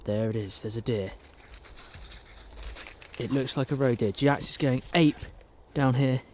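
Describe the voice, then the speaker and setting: A man vlogging casually while walking his dog outdoors in a park, chatty and quick to laugh. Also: mid-range voice, darkish tone, lo-fi sound, slight background noise. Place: outdoors in a park and golf course.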